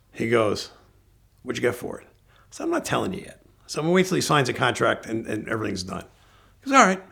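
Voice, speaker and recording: A middle-aged man, a car dealer, telling a story in a lively way and acting out the dialogue. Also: lowish voice, gravelly. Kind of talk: storytelling anecdote.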